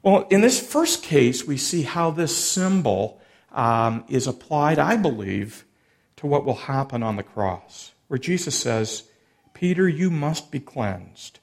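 A man's voice: medium pitch, animated, a little slow, vocal fry. A man preaching a sermon, expounding a passage and acting out the quoted lines with shifting emphasis. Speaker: pastor.

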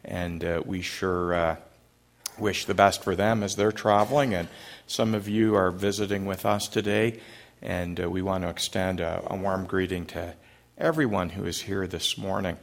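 A pastor with a low, creaky voice, normal speed, and fairly even intonation preaches to a congregation during a church service. His style is conversational, with frequent "uh" fillers, questions to the room, and light jokes.

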